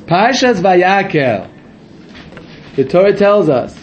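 A man teaching a Torah lesson to a class, excitable and full of rhetorical questions, often correcting himself mid-sentence. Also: high voice, slow, highs cut off, slight background noise.

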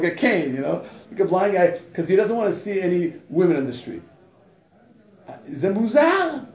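A man teaching a class in an animated, rhetorical way, often asking "right?" and laughing, recorded in an echoey room with dull, lo-fi sound. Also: high-pitched. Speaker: religious teacher. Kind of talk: informal classroom lecture.

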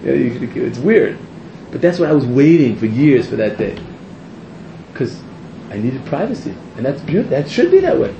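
A man, a rabbi, giving an animated, rambling sermon to a live audience, interrupting himself and rising to near-shouts. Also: medium pitch, normal speed, vocal fry, noisy background. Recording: echoey room, muffled sound.

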